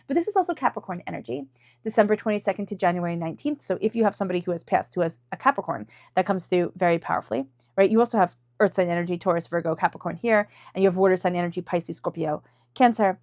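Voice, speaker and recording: A woman's voice: fairly low pitch, fast, a little mellow, no room sound, studio quality. A woman giving an intuitive tarot reading in a chatty, emotional way, full of fillers and asides. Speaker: tarot reader.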